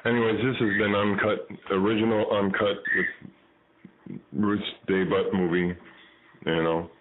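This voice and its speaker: A man filming his pet bird at home, cooing and baby-talking to her in a singsong voice that swoops up high on repeated phrases. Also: little pitch movement, measured pace. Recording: tinny phone-like sound with mains hum.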